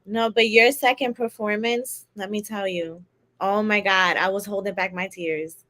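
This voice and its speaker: A woman's voice: mid-range voice, steady tone, unhurried, a bit bright, slight background noise. A woman on a group call gushing heartfelt praise. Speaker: call participant. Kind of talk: casual chat.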